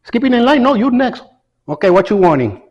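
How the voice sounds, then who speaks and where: Man putting on grumpy old coffee shop guy, high voice, swings all over, scolding. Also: very animated, fairly quick, muffled recording, heavily acted. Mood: impatient. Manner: brusque, scolding, broken English. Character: impatient old male coffee shop worker. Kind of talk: comedy sketch.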